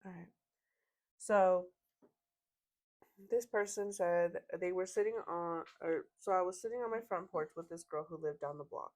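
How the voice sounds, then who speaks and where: This podcast host is a woman whose lowish, darkish voice moves at a moderate pace with frequent pauses. She reads online stories aloud in a casual, conversational way, adding laughs and fillers as she discusses them.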